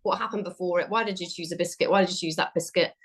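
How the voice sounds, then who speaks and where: A woman speaking as an interview guest in a slightly low voice. She talks in a chatty way, dotted with ums, and she often stops to correct herself mid-thought. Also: fairly even intonation, racing. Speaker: research guest. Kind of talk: conversational interview.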